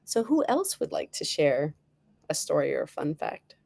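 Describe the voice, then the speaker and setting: Laughing mom telling stories, dry sound. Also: female voice, sits low, moderate pace, vocal fry, no room sound. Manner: laughing, animated storyteller. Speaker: host. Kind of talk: casual storytelling chat.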